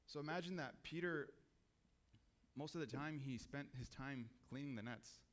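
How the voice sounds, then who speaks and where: Casting: a male preacher with a mid-pitched voice, casual and conversational in a church service. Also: moderate pace. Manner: casual, conversational, asks the audience questions. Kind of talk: sermon.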